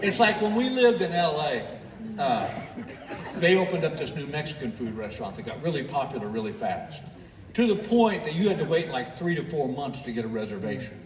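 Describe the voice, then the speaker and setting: A man's voice: a little high, fairly quick, noisy background. An American man doing stand-up, telling long stories and acting out the people in them. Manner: animated, acts out the people in his stories. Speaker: stand-up comedian. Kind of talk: stand-up storytelling. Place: large theater stage. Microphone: stage PA, filmed from the audience. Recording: distant, echoey theater recording with crowd laughter.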